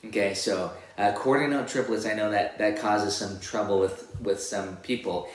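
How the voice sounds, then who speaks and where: A man giving a relaxed guitar lesson, explaining rhythms and singing them out as counted syllables. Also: fairly low pitch, normal speed. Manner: counts beats and sings rhythms with "da, da" between explanations. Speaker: guitar teacher. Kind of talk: casual music lesson. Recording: echoey room with loud guitar playing. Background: his own guitar playing.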